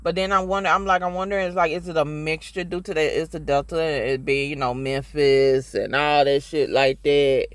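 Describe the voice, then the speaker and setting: A man's voice: fairly high pitch, steady tone, brisk, few pauses, fairly bright tone, clear, resonant tone, no echo. A man from Mississippi with a Southern accent, giving a rambling, profane, emphatic TV review in casual chat. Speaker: TV show reviewer.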